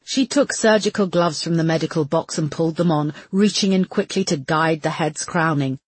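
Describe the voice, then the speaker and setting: A woman's voice: low voice, moderate pace, husky, no room sound. A woman reading an audiobook as its narrator in dramatic, scripted storytelling.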